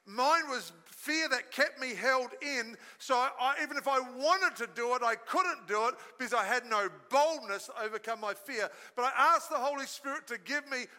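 A man's voice: very high voice, normal speed, hardly any pauses. A man preaching a sermon as pastor at a live church service, telling stories energetically and calling on the congregation to join in. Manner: storytelling, energetic preaching with audience call-and-response. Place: church hall. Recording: live sermon in a reverberant hall.

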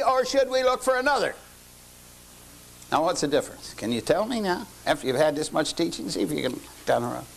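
A man's voice: mid-range voice, a little hiss or hum. An older man teaching a lecture-style sermon, folksy, often quizzing his listeners with questions. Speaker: lay teacher.

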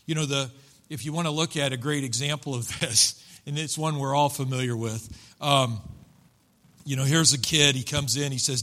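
A man's voice: medium pitch, fairly even intonation, moderate pace, sharp tone. A man preaching a sermon, retelling a story and acting out the quoted voices with animation. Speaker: pastor.

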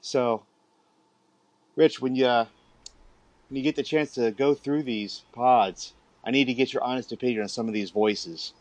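A man hosts a podcast in relaxed, chatty talk, full of fillers and easy asides. The recording is dry and close, with no room sound. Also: mid-range voice, normal speed, long pauses, no echo. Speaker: podcast host. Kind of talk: casual chat.

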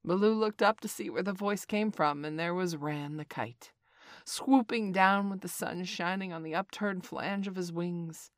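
A woman narrating a storybook in an even, clear reading. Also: on the low side, a little slow, no echo, studio quality.

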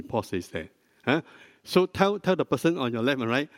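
An older man, a pastor, preaching a sermon in a slow, deliberate teaching manner, prompting the congregation with questions. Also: mid-range voice, sing-song. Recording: dry close mic with long hall reverb.

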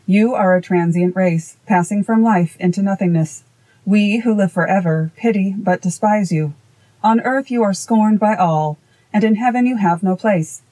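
A woman reading voicing an ancient, wise male master of the forest, grave and deliberate. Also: medium pitch, dark tone, close to an everyday voice, low-quality recording. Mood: stern.

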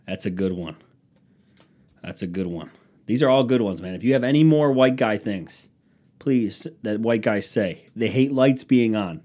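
A young man with a fairly low voice hosts a casual solo podcast. He rambles from one story to the next, swears freely and calls himself scatterbrained. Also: normal speed, warm tone. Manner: rambling, profane, scatterbrained, mocking voices for quotes. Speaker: podcast host.

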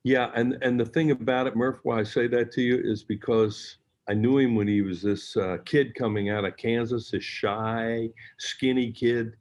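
A man's voice: medium pitch, steady tone, normal speed, hardly any pauses, a little mellow. An older man, a former team broadcaster, reminiscing in conversation and acting out quotes as he tells stories. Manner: storytelling, acts out quotes. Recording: dull lo-fi audio.

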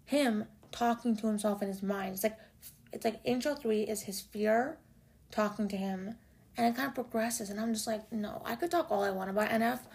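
A young woman chatting casually as a music vlogger, gushing like an excited fan. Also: medium pitch, moderate pace, creaky. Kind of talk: casual chat.

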